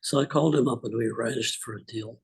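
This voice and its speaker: An older man telling relaxed, rambling personal stories on a group video call, with many fillers. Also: mid-range voice, fast, vocal fry, slightly rough, low-quality recording. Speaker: call participant. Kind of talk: casual storytelling on a group call.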